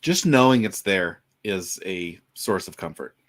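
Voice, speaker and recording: A man who is a guest writer on a relaxed live stream, chatting in an easygoing, teasing way with short replies. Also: deep voice, a little slow.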